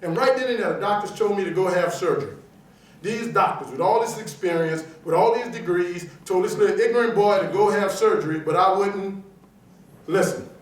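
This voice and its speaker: A middle-aged man with a notably high voice delivers a punchy, emphatic motivational speech. He tells stories and jokes with his audience. He is picked up from a distance, and the sound rings through a large, very echoey auditorium. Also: brisk. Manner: punchy, emphatic, joking with the crowd. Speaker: motivational speaker. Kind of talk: animated motivational storytelling speech.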